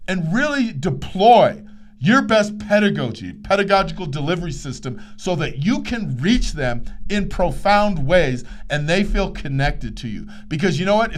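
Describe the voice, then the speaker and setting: A man hosting a motivational podcast, telling a story and acting out the dialogue. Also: a little high. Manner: animated, acts out quoted dialogue. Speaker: podcast host, sports psychologist.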